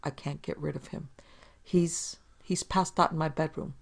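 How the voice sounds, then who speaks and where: A narrator voicing a glamorous woman with a rich, husky, low voice, who speaks slowly under strain. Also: steady tone. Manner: slow, tense, sly.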